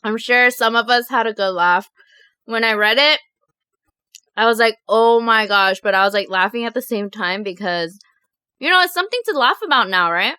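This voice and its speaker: With a bright, fairly high and crisply clean voice, a woman mukbang vlogger chats through viewer confessions, animated and giggling readily. The recording is dry and close-miked, with no echo.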